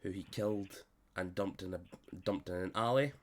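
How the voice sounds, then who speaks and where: A man who is unwell, narrating a tabletop game as game master with halting, filler-heavy speech on a voice call. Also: low voice. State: unwell, coughing.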